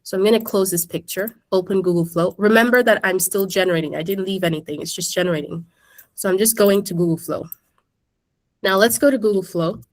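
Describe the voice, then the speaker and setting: A woman teacher walks her students through a tutorial in a loose, conversational way, often turning to the class with questions. Her voice sits in an ordinary middle pitch, and she is recorded in a classroom. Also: a little fast. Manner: chatty, keeps addressing the class. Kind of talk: casual screen-share tutorial.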